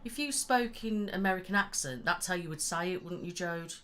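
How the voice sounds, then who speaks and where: A young woman with a West Midlands accent, chatting away on a live stream. Her voice sits low for a woman, and she rambles along with frequent laughs. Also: normal speed, pushed and bright. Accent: West Midlands English. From West Midlands, England. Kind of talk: casual chat.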